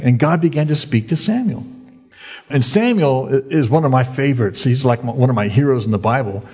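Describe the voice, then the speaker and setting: A male pastor delivers a relaxed, conversational sermon, slipping into the voices of the people in his stories. His voice is husky and mid-pitched. The recording sounds dull and lo-fi. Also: a little fast. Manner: lively storyteller who acts out the quoted voices; conversational, folksy preaching.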